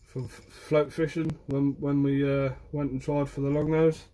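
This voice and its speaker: A man's voice: a little high, flat delivery, normal speed, warm tone, slight background noise. A young man from Guernsey, a fisherman chatting casually on a phone live stream and answering viewers by name. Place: outdoors by the shore.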